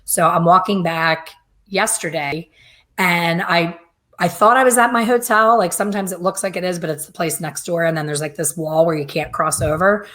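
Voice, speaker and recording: A woman's voice: fairly low pitch, fairly even intonation, moderate pace, fairly bright tone. A middle-aged woman telling stories in casual chat, often quoting others in a chatty way. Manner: chatty, storytelling, quotes others. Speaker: hair color educator.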